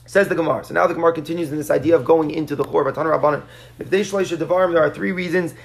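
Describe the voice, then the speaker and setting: A man's voice: fairly high pitch, fairly even intonation, rapid-fire, gravelly. A man teaching a Talmud class, explaining the text earnestly and often restarting his sentences.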